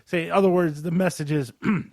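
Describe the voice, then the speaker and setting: A man's voice: a little high, brisk. A man co-hosting a podcast, casually and animatedly retelling a movie plot. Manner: animated retelling, mimics characters in exaggerated voices. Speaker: podcast co-host. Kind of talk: casual movie review chat.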